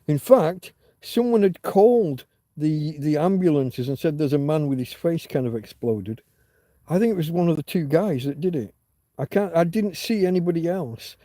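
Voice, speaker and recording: A man's voice: a little high, expressive, normal speed, dark tone, no echo. A man hosting a casual livestream chat, telling a long story with many restarts and fillers, candid and swearing now and then. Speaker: livestream host.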